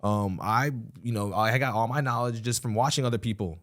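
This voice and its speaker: A man, hosting a podcast in casual chat and telling stories in an animated, slangy way. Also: lowish voice, a little fast. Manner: slangy, animated storytelling with profanity. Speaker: podcast host.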